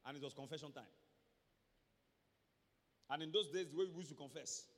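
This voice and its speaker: High, bright Nigerian pastor preaching. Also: male voice. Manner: emphatic, repeats words, rises to shouts. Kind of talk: sermon. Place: church hall. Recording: long church hall reverb.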